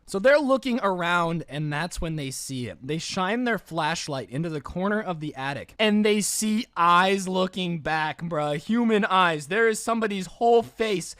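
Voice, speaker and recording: A man's voice: high voice, lively intonation, normal speed, few pauses, a bit bright, dry recording, clean studio sound. A man narrating a story in a casual, joking way with exaggerated asides.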